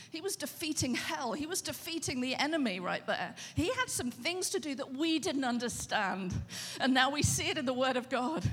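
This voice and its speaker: A woman pastor preaching a sermon in a conversational, animated way, often asking the audience questions. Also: high-pitched, big-room sound.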